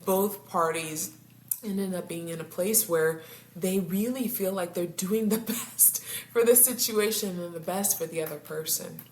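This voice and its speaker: A woman's voice: fairly low pitch, measured pace, darkish tone. A woman couples therapist talking casually to her viewers, laughing often and tripping over her words. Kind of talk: casual talk to camera. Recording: roomy echo, faint background hum.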